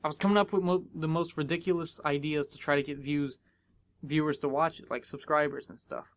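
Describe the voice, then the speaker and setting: A young American man hosts a podcast and tells a long casual story. His voice sits fairly high, and he jumps up in pitch when he acts out what people said. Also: a little fast, a little hiss or hum. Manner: animated, acts out dialogue with big pitch jumps. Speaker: podcast host.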